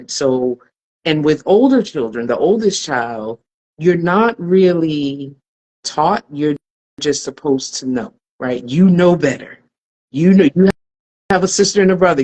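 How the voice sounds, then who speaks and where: A woman's voice: sits low, darkish tone, poor audio. A woman who is a podcast guest, telling a personal story in an earnest, reflective and emotionally open way.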